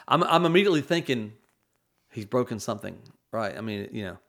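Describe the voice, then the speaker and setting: A man's voice: medium pitch, sing-song, moderate pace, long pauses, fairly bright tone. A man in his forties telling a tender family story on a talk show, rambling with many restarts and fillers. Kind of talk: storytelling in casual chat.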